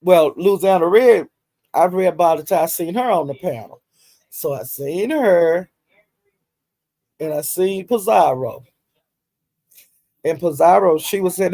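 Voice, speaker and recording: A woman's voice: fairly low pitch, unhurried, pauses often, no echo. A woman vlogger casually recapping livestream drama, with a loose, rambling, slangy delivery. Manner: animated retelling that acts out each person's lines. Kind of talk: casual gossip storytelling.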